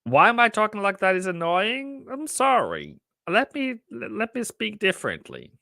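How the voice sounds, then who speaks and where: A man's voice: high voice, huge pitch swings, normal speed, gravelly, bright, forceful tone, no room sound, clean studio sound. A man working as a trading mentor, giving casual live-stream market commentary in a rambling, self-mocking, jokey way.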